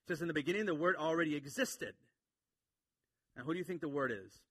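A man preaching a sermon, swinging from quiet explanation to emphatic points. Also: fairly high pitch, quick pace, breathy edge, no echo. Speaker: pastor.

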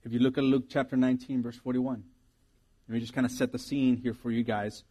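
A man's voice: medium pitch, flat delivery, brisk, dark tone, slightly rough. A man preaching a sermon as pastor, earnest and reflective, often restarting his sentences.

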